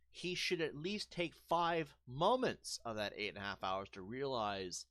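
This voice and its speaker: A man's voice: mid-range voice, a bit bright, dry recording, clean studio sound. Profane, combative male gaming streamer. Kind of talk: casual rant over gameplay.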